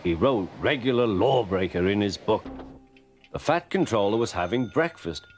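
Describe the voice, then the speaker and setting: A man narrating a storybook with an expressive reading style. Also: on the low side, normal speed, faint music behind.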